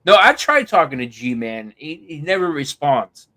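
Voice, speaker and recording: A man's voice: fairly high pitch, very animated, a little slow, bright, forceful tone, dry recording. A man joining a casual livestream chat, blunt and offhand.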